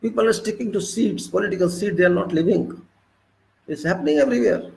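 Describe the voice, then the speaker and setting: In a rough recording, a man preaches a spiritual monologue, berating his audience with lengthy repetitive lists and sharp rhetorical questions delivered emphatically. His high voice is expressive, fast, creaky, and a little mellow.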